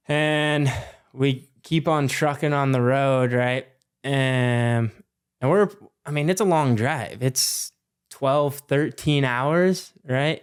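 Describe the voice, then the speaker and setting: A young man in his twenties, a podcast guest telling a story in a loose, animated way with lots of fillers and swearing. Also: on the high side, smooth. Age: 20s. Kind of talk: casual storytelling.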